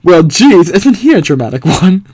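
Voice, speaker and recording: A man voicing an earnest young male philosopher hero in a game, lively and incredulous. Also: high-pitched, moderate pace, slightly rough, exaggerated voice.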